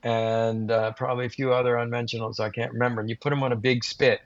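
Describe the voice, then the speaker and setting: A man's voice: mid-range voice, fast, dry recording. A man who is a guest on a grilling podcast, telling vivid anecdotes in an interview. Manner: animated, vivid storyteller. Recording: slightly muffled dry recording.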